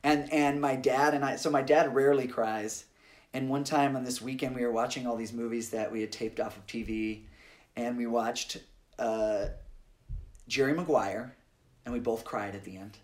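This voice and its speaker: A man in his thirties co-hosting a podcast, telling personal stories in a casual, animated way. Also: medium pitch, normal speed. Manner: animated storyteller, acts out quoted family voices. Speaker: podcast co-host. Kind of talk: casual chat.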